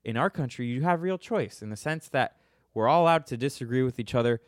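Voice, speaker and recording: A man's voice: medium pitch, animated, brisk, dry recording, studio quality. A young man hosting a podcast, answering listener questions in a casual, irreverent way and laughing at his own jokes.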